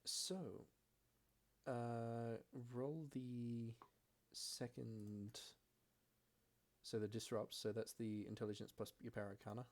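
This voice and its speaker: A man as game master, narrating a tabletop game in steady description with frequent fillers. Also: mid-range voice, slow, pauses often.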